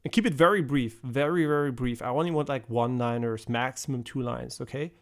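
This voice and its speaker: A man's voice: mid-range voice, a little fast. A man streaming a video game live, chatting casually with many fillers and swear words.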